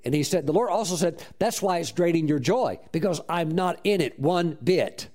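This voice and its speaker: A male pastor telling stories in a sermon, animated and exclaiming praise often. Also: a little high, brisk, hardly any pauses. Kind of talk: sermon storytelling.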